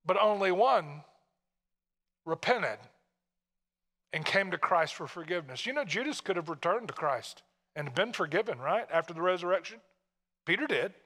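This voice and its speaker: A pastor from Tennessee preaching a sermon in a conversational way, full of rhetorical questions to the congregation. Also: male voice, high voice, expressive, normal speed, long pauses, pushed and bright, big-room sound.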